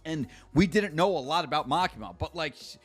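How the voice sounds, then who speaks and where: A man ranting through a live manga reaction stream in a fairly high voice. He swears freely and turns sarcastic, reading chat comments between rants. Faint music plays underneath. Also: brisk, fairly bright tone.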